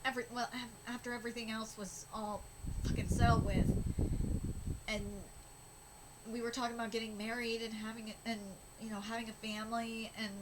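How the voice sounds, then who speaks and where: A high-voiced woman reacts live to a manga chapter, her speech halting and full of restarts. Steady noise and clicks sit behind her voice. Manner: emotional, halting, many restarts.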